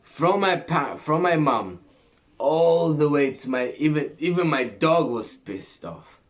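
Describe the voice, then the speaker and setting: Slow-talking young man, swearing storyteller. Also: a little high. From Greece. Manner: animated, swears a lot, slangy. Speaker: vlogger. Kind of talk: casual storytelling to camera.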